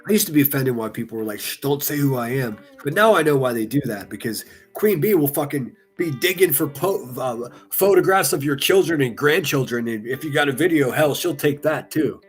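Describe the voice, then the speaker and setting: Profane, sarcastic man with a higher voice. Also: animated, a little fast, few pauses, slightly rough, soft background music. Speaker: online commentary streamer. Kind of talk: casual reaction commentary reading comments.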